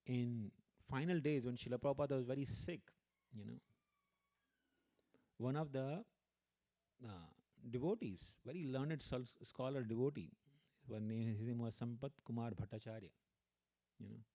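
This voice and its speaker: A man giving a religious lecture as a guest speaker, telling stories in an animated way, often saying "you know" and acting out the people he quotes. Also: mid-range voice, normal speed, long pauses. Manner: animated storyteller, acts out quoted voices, frequent "you know".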